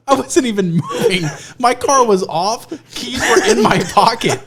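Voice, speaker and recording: High-voiced young man telling animated stories. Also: measured pace. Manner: animated, laughs through stories, swears freely. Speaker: podcast co-host. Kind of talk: casual storytelling chat.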